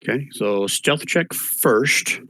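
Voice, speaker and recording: A man's voice: medium pitch, slow pace, dry recording. A man narrating as game master of a tabletop game, calling for rolls and describing the scene. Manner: relaxed narration with small restarts, calls for rolls.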